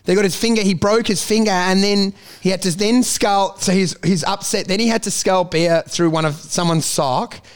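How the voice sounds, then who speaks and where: Chatty man, smooth voice. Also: sits high, normal speed, few pauses. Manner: animated storytelling, swears freely, keeps asking "do you know?". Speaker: podcast co-host. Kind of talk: casual chat.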